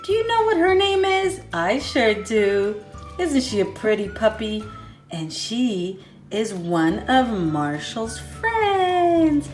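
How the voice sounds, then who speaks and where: Young woman, high bouncy kid-show voice, echoey room with faint music. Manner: sing-song, excited, slow counting. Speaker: kids' toy video host. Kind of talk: children's toy play narration.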